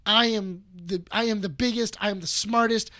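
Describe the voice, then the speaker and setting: A man's voice: high-pitched, steady tone, normal speed, sharp tone. A man putting on an arrogant male super-villain with exasperated, overconfident bragging. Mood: boastful.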